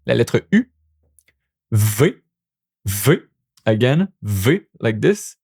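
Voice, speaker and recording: A man's voice: mid-range voice, big pitch swings, takes it slowly, pauses often, darkish tone, husky. A young man from Quebec with a Québécois French accent, a native French speaker teaching pronunciation in a casual spoken lesson, repeating each sound many times. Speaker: language teacher.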